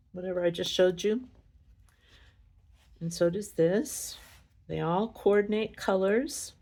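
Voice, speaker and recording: Slow, chatty middle-aged woman crafter. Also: on the low side. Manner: chatty, rambling, corrects herself often. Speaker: craft demonstrator. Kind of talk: casual crafting tutorial. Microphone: camera on a stand.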